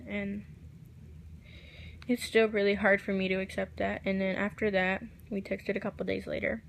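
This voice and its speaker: A woman telling a personal story to camera, recounting quoted text messages in a soft, halting voice that drops at times to near a whisper. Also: medium pitch, little pitch movement, vocal fry, slight background noise. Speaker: vlogger.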